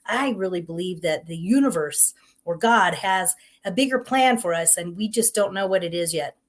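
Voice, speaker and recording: A middle-aged woman hosting a live-streamed inspirational talk show, upbeat and gently encouraging in a conversational way. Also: lowish voice, animated, normal speed. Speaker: host.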